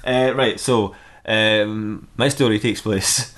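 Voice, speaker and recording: A man's voice: fairly low pitch, animated, slow, fairly bright tone. A man casually reading and ad-libbing a comic fan-fiction story, rambling and laughing at his own jokes.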